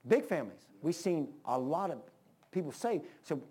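An older man preaching a sermon to his congregation, impassioned, rising to urgent peaks and dropping low. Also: sing-song, normal speed, dark tone, breathy edge. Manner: impassioned preaching, rises then drops low. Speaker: pastor.

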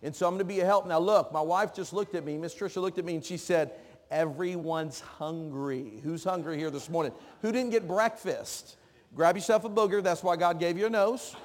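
A man's voice: high-pitched, a little fast. A man preaching a sermon in a church, joking with the congregation and calling out to them. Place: church sanctuary. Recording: long reverb of a church hall.

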